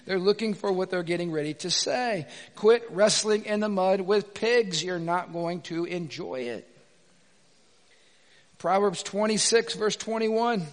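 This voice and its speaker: A pastor with a high voice preaches with emphasis, acting out the people he quotes and rising at times to a shout. His voice rings with the long reverb of a large hall. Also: measured pace. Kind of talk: sermon.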